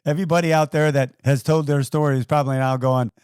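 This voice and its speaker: A man's voice: fairly high pitch, fairly even intonation, fast talker, darkish tone, clear, resonant tone, no room sound, studio quality. A man hosting a podcast, interviewing his guest in an encouraging way. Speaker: podcast host.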